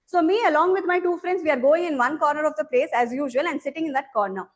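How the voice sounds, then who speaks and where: A young woman with a high voice tells a prepared story at a speaking club. She speaks animatedly and acts out the people she quotes, heard over a video call. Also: fast talker.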